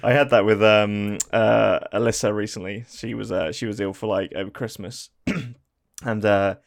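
A man's voice: on the low side, fairly even intonation, normal speed, vocal fry, dry recording, studio quality. A man co-hosting a casual podcast, easygoing and chatty, giggling often. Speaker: podcast co-host.

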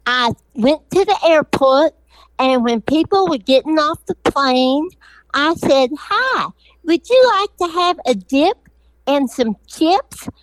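A woman voicing an earnest young male salesman who bit off half his tongue, speaking slowly and pleading. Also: high voice, lively intonation, dry recording, pitched above the performer's own voice, low-quality recording.

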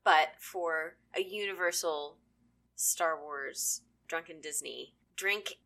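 A woman co-host on a podcast who lays out drinking-game rules in a brisk, playful way. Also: low-pitched, vocal fry, bright, forceful tone. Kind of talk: casual chat.

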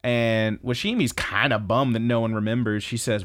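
A man co-hosting a podcast, recapping anime episodes in casual chat, animated and swearing freely. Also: medium pitch, moderate pace. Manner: animated, profane, laughing storyteller. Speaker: podcast co-host.

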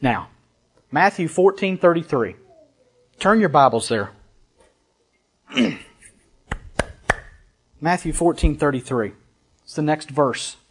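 Preaching slowly and with frequent pauses, a pastor speaks in a high, light voice with a breathy edge and an animated manner. He gives scripture an emphatic reading, then drifts into casual, chatty comments for the congregation.

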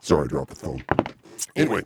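A man's voice: extremely low pitch, very animated, fast, noisy background. A man hosting a casual live podcast, dry and meandering, easily exasperated. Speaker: podcast host.

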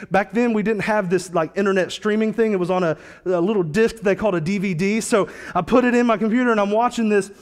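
A man's voice: high-pitched, quick pace, hardly any pauses, long reverb tail. A man preaching a sermon as a pastor, telling a story in a casual, slangy, conversational way.

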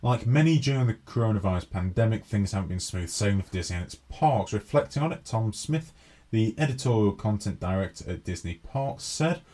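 Brisk and lively in intonation, his lowish voice has a dark tone. He co-hosts a laid-back podcast, reading a news piece aloud before joking with his partner and performing skits.

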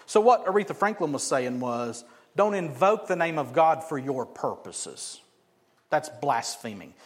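A man preaching a sermon as pastor, animated and often asking the congregation questions. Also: a little high, measured pace. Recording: echoey hall.

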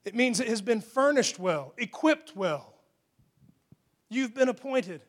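A man preaching a conversational sermon, moving between rising emphatic peaks and hushed, quieter asides. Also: very high-pitched, lively intonation, slow. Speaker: pastor. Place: church hall.

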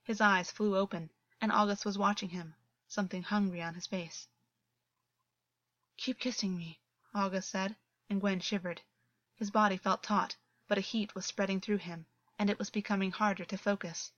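A woman narrating a story as an audiobook reader, with a steady, even reading delivery. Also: medium pitch, normal speed, no echo, dull audio. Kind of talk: scripted narration.

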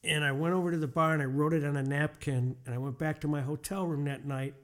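A man's voice: fairly high pitch, steady tone, quick pace, a bit bright. A man from Detroit, a musician telling a rambling story between songs with a guitar behind him. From Detroit, USA. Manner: rambling, loose anecdotal delivery.

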